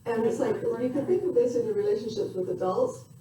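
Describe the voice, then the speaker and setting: An older woman giving a parenting lecture in a reflective, conversational way, pausing with fillers. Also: fairly high pitch, dark tone. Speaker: parenting educator. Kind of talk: recorded lecture. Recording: echoey room from far off with faint noise.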